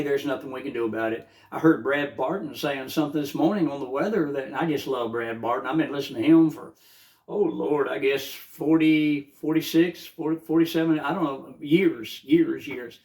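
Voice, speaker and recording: An older man with a drawl talks straight to the camera in a loose, rambling morning monologue. He gets fervent and stacks up filler uhs and restarts. His voice sits a little high for a man. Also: normal speed, a little mellow. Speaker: vlogger.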